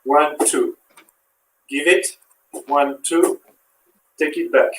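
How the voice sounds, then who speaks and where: A man with a French accent leads a workout, counting reps and coaching as he moves. His voice sits a little high. It sounds echoey and distant, as if he is far from the mic in a bare room. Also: fairly even intonation, slow, slight background noise. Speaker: fitness instructor. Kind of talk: live workout demonstration.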